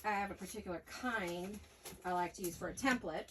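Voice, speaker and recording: A woman's voice: fairly low pitch, quick pace, noisy background. A woman hosting a craft-along from her home studio, chatting and talking to herself in a rambling, playful way. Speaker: crafting channel host.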